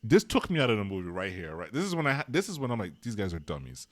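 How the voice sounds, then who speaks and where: Co-host, male, mid pitch, lively and exasperated, dry close sound. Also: racing, dry recording. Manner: emphatic, exasperated critic. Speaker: podcast co-host. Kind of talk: casual movie discussion.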